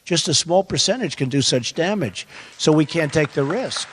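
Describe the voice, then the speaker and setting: A man's voice: on the high side, expressive, moderate pace, slight background noise. An older man in his seventies, a presidential candidate speaking off the cuff at a roundtable, emphatic and repeating short phrases. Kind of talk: unscripted roundtable remarks to an audience. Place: large indoor theater. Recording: long hall reverb, faint crowd.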